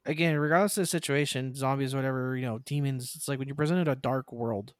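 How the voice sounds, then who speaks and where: A man's voice: mid-range voice, fast, no echo. A man in casual chat about an anime, rambling with frequent restarts and acting out quoted lines.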